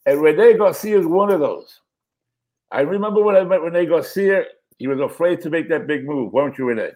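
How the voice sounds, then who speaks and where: A man telling a story in casual chat, animated and acting out quotes in different voices. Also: a little high, moderate pace.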